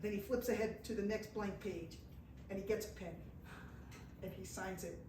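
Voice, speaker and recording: With a mellow, medium-pitched voice, fairly even intonation and a moderate pace, an American woman entertains an audience in an indoor event room with a travel story. She acts out those she quotes and laughs at herself. The audio is distant and echoey, carrying faint noise.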